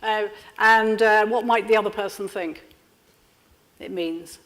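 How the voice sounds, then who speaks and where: A woman leading an interactive training workshop, lively and constantly checking in with her audience. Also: medium pitch, unhurried. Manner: lively, checks in with frequent "yeah?". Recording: lecture room with long reverb.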